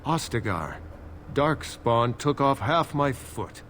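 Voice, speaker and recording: A weary, crippled beggar veteran. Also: male voice, mid-range voice, sing-song, slow pace, a bit bright, a little hiss or hum. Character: weary crippled male war veteran begging. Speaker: game character.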